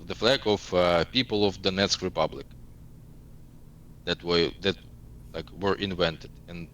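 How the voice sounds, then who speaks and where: A man's voice: low-pitched, steady tone, unhurried, fairly bright tone, a little hiss or hum, rough recording. A man in his thirties from eastern Ukraine, speaking as an interview guest and searching for words in English. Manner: searching for words in a second language. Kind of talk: casual interview talk.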